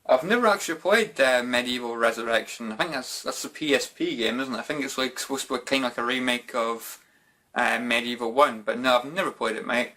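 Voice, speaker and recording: A Scottish man chats casually through viewer questions on his channel. His talk is loose and informal, peppered with "bloody" and "mate", in a voice of ordinary middle pitch. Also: a little fast, bright, forceful tone. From Scotland. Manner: chatty and informal, says "bloody" and "mate" a lot. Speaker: YouTube gaming channel host. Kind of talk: casual Q&A vlog chat.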